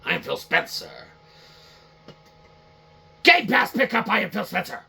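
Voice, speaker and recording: A man's voice: high voice, wildly swooping pitch, slow pace, vocal fry, sharp tone, slightly rough, voice pushed up, heavily acted. A man putting on the voice of a pompous, self-important male gaming executive who keeps repeating his own name. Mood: smug.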